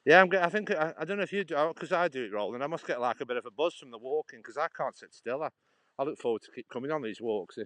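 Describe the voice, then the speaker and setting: A man's voice: fairly high pitch, expressive, quick pace, fairly bright tone, no echo. Guy on a phone livestream outdoors, rambling n laughing a lot, dry close sound. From Stoke-on-Trent, England. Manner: chatty, rambling, laughs often, answers viewer comments. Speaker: livestream walker. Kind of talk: casual live-stream chat while walking. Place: outdoors by a canal on a walk. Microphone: phone held while walking.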